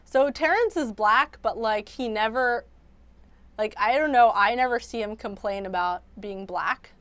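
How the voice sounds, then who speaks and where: A woman's voice: a little high, measured pace, fairly bright tone, no echo. A young woman hosting a livestream, chatting casually and rambling with lots of "like" and restarts. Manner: rambling, filler-heavy, many restarts. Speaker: livestream host.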